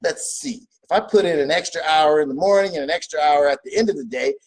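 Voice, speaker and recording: Speaking fast in a slightly rough, somewhat high voice, a motivational speaker delivers an emphatic, preachy talk. He keeps repeating himself and raises questions before supplying his own answers.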